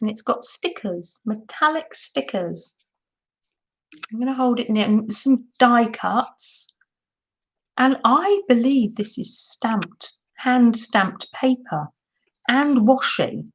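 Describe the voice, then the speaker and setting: An older woman, gushing in a casual livestream chat while she shows crafts to viewers. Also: a little high. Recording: dull lo-fi sound.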